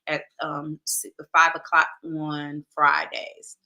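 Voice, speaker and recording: A woman hosting a podcast, chatting casually with her viewers and reading their comments in a lively, direct way. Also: low-pitched, slight background noise. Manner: lively, talks straight to viewers, drawn-out "child, listen". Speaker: podcast host.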